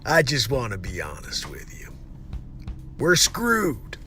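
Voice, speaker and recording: Brief: man impersonating an older actor, halting and deadpan, light music behind. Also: mid-range voice, pitched below the performer's own voice, full character voice. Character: impression of an odd-paced older male actor. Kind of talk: comedy impression in a face-swap clip.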